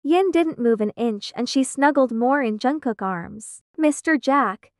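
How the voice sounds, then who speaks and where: A woman narrating a fan fiction story aloud in a plain, quick reading with small slips. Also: a little high, animated, darkish tone, no echo, studio quality.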